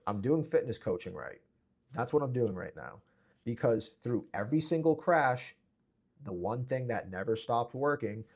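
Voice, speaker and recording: A man's voice: on the low side, a little mellow. Intense young man preaching self-improvement. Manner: intense, preachy, repeats phrases for emphasis; mocks imagined people in sarcastic voices. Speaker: fitness vlogger. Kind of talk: motivational monologue to camera.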